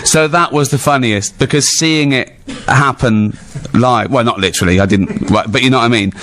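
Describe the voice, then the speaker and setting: A man's voice: medium pitch, moderate pace. Middle-aged english guy spinning funny stories, laughs constantly, swears a lot, does everyone's lines. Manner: animated storyteller, laughs a lot, swears freely, acts out other people's lines. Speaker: guest. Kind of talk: anecdotal storytelling in a live town hall interview.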